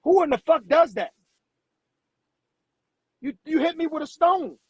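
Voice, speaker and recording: A man's voice: extremely high pitch, expressive, a little slow, dry recording, dull audio. A man hosting a live stream, delivering a blunt, profane rant and stumbling over repeated words when riled. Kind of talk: heated livestream rant.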